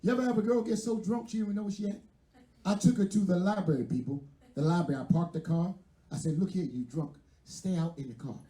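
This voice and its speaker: A man's voice: sits high, fast, mellow, reverberant. A man from West Philadelphia with a Philadelphia accent, doing a brash, profane stand-up set with crowd work at a live venue. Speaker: stand-up comedian.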